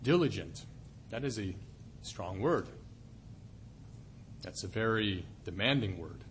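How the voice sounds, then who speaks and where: A male preacher delivers a sermon in a casual, talking tone, putting questions to his listeners. His mid-range voice rises and falls in a lively way, with a faint hum behind it. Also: on the low side, slow. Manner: conversational, asks the audience questions.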